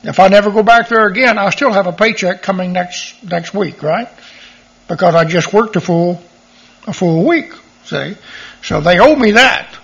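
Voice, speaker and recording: Middle-aged male Bible teacher, high husky voice, dull lo-fi recording, reads verses and leans on key words. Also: moderate pace, fairly bright tone. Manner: reads scripture aloud and stresses key words.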